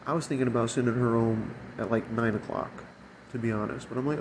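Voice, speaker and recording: Fast-talking and foul-mouthed, a male restaurant shift manager vents about a rough work night in a casual way, his mid-pitched voice fairly even in intonation. He mocks people by imitating them as he quotes them, while a faint air conditioner hums in a noisy room.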